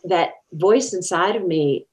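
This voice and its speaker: Slow and a little mellow, her voice runs on the low side. The woman is an interview guest telling personal stories in conversation, earnest in tone and acting out the lines she quotes.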